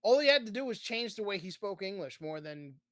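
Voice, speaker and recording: A man co-hosting a podcast in casual chat, animated and profane, eagerly jumping in. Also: sits high, a little fast, no echo, clean studio sound. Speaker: podcast co-host.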